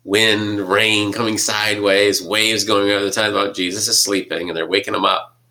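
A man with a very low voice and a bright, forceful edge. He talks casually and thinks aloud, circling back and restarting his sentences as he works through a Bible story. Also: flat delivery, moderate pace. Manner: thinking aloud, hesitant, restarts, acts out quotes. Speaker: podcast co-host discussing scripture. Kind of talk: casual conversation.

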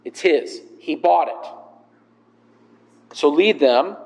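A man's voice: on the high side, lively intonation, takes it slowly, a little mellow, big-room sound, low-quality recording. A man, a pastor, preaching an expository sermon, emphatic and repeating key phrases, asking the congregation questions and answering them. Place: church sanctuary.

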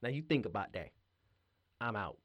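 A man's voice: fairly low pitch, animated, normal speed, highs cut off, very noisy. Blunt sardonic man. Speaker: podcast host. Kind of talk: political commentary monologue.

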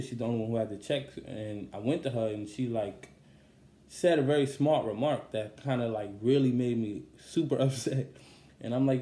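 Young man, songwriter, casual rambling storytelling, warm low-key tone, echoey room. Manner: rambling and candid, with many fillers. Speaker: songwriter telling the story behind a song. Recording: roomy echo.

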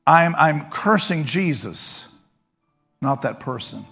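Middle-aged guy preaching, kinda gravelly voice, chatty stories then fired-up prayer, quiet music behind. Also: mid-range voice, moderate pace, pauses often. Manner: conversational storytelling that rises into fervent prayer. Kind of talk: sermon with storytelling and prayer.

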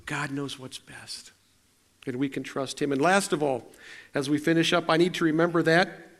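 High-voiced preacher telling stories. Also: male voice, normal speed. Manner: conversational and self-deprecating, with frequent restarts. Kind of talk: storytelling sermon.

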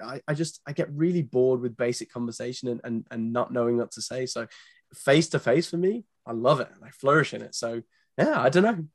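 A British man talks through his dating advice in a middle-pitched voice, earnest and animated, often restarting his sentences. He sounds close and dry, as if on a podcast mic with no room echo. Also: a little fast. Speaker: guest, dating company founder. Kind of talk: casual podcast interview.

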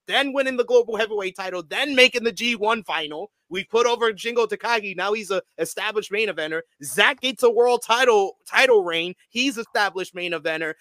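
A man co-hosting a casual wrestling podcast, talking fast and opinionated. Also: extremely high pitch, pushed and bright, no room sound. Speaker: podcast co-host.

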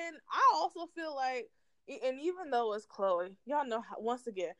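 A woman's voice: sits high, normal speed, bright, forceful tone, dry recording. A woman co-hosting a podcast, chatting casually and animatedly about celebrity gossip, swearing freely and laughing often. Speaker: podcast co-host.

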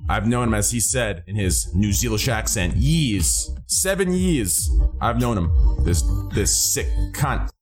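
A man's voice: lowish voice, animated, measured pace, music in the background. A man hosting a podcast over a video call, introducing guests in a loose, joking way. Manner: loose and joking, warm greetings. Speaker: podcast host. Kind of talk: casual chat on a charity stream.

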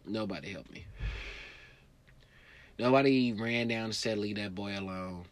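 A man hosting a show, telling a profane story with lively voices, shouting high when he acts out scenes, and turning calm and reflective later. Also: unhurried. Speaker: comedian host. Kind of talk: stand-up storytelling.

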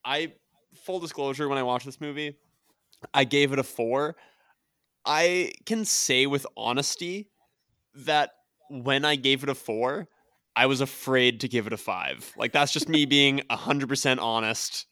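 Male podcast co-host, sharp bright voice, dry sound, candid and chatty. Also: medium pitch, a little slow, no echo. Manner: earnest, candid, laughs often. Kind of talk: casual film review chat.

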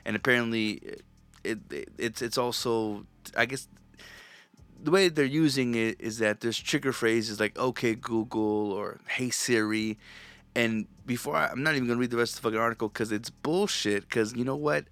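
A man's voice: mid-range voice, normal speed, fairly bright tone, no room sound. A man hosting his own podcast, talking alone in a loose, rambling rant full of swearing and restarts. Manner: profane, ranting, rambling; loose and conversational, frequent restarts. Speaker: podcast host. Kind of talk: solo podcast monologue.

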